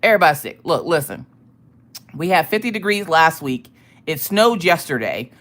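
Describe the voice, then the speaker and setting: Woman streamer, lively up-and-down voice, greets chat by name, swears casually. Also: low-pitched, unhurried. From United States. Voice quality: ticklish cough in throat. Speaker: livestream host.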